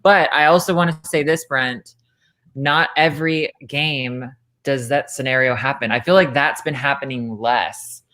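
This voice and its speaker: A woman's voice: extremely low pitch, measured pace, fairly bright tone. A woman commentating in casual chat, emphatic and insistent, often breaking in to make her point. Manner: emphatic, insistent, cuts in with "listen" and "look". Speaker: podcast commentator.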